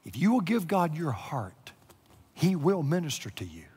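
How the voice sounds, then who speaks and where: A middle-aged male pastor preaching a sermon, moving between hushed, near-whispered lines and loud, emotional passages. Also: fairly high pitch, very animated, moderate pace, breathy edge. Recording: echoey hall with long reverb.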